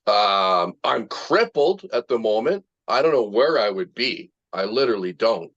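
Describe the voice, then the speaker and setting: This group leader speaks with a fairly low, fairly bright voice, very animated yet a little slow, with no echo. He runs a casual motivational talk over an online video meeting, heard as a muffled, dry call recording, emphasizing his points with repetition and free swearing.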